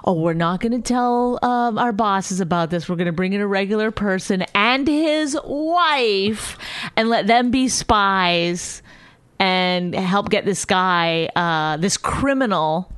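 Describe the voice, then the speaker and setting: A woman co-host who teases and scolds her partner in lively casual chat, on a close studio mic. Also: medium pitch, takes it slowly, clear, resonant tone, dry recording. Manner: teasing, exasperated, lively.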